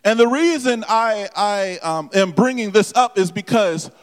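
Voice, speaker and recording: Male preacher, high voice, halting delivery, long hall echo. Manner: halting with many repeated words and fillers, addresses the congregation directly. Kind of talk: sermon.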